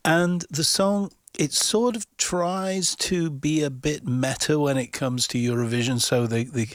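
A man's voice: a little high, fairly even intonation, unhurried, dry recording, studio quality. A man talking about music on a radio chat, knowledgeable and chatty, with an easy laugh. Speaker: music commentator.

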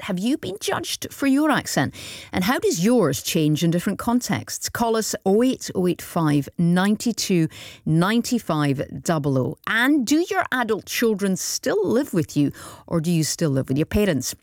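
A woman presenting a morning radio phone-in show from a studio, brisk and upbeat as she introduces guests and reads out contact details. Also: medium pitch, no room sound.

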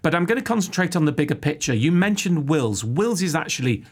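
A man's voice: on the high side, very animated, fairly quick, husky. A man hosting a podcast, answering a listener's money question in a chatty, joking way. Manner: chatty, jokey, explains at length. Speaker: podcast host. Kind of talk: casual podcast Q&A.

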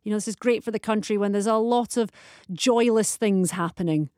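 A woman's voice: medium pitch, a little fast, mellow, dry recording, clean studio sound. A woman hosting a radio phone-in show, chatty and teasing with her callers and guests. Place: radio studio.

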